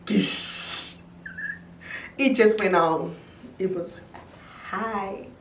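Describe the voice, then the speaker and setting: A young woman telling a casual storytime, animated, her voice jumping high whenever she quotes someone. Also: extremely slow, distant mic. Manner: animated storyteller, jumps high when quoting. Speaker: YouTuber. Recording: roomy echo, a little off-mic.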